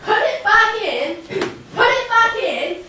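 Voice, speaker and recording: A woman's voice: very high voice, sing-song, takes it slowly, bright, forceful tone, a little hiss or hum, exaggerated voice. A woman playing a nagging duck wife in a school stage play, recorded from far off in an echoey hall. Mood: scornful. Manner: nagging, scolding. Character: bossy quacking wife, a duck, shrill and scolding.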